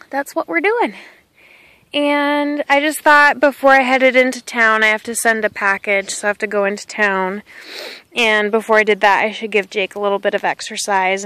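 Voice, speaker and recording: A woman's voice: on the high side, sharp tone, smooth, no room sound, low-quality recording. A woman, chatting casually on a walk outdoors and filming on a handheld phone. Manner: chatty and rambling, talks to her dog. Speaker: vlogger. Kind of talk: casual walking vlog. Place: outdoors on a country path. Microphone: handheld phone camera.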